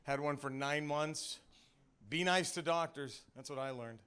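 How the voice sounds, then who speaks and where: A man's voice: on the high side, a little slow, a bit bright, smooth. A man, a stand-up comedian, telling his own story on a comedy club stage in a loose, conversational way full of "like" and "you know".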